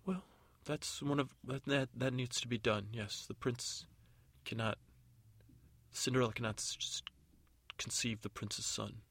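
A man's voice: medium pitch, unhurried, a bit bright, husky, voice pushed up. Man voicing a stammering fairy godmother. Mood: hesitant. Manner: stammering, hesitant. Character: flustered evasive fairy godmother woman.

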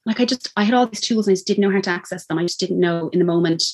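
Lively Irish woman with a lowish voice. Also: husky. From Ireland. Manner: animated, acts out quoted speech, quick laughs. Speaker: podcast guest. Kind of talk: personal birth story, casual chat.

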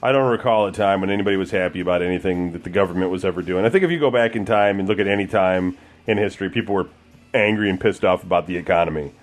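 A man's voice: low-pitched, rapid-fire, soft background music. A man in casual banter, grumbling and ranting with a lot of swearing.

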